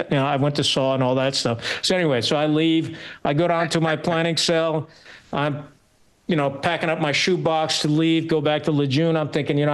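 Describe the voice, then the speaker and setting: A man in his sixties, a retired officer, telling his story as a podcast guest in a blunt, salty way, with frequent pauses and fillers. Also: fairly high pitch, clean tone. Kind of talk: candid storytelling interview.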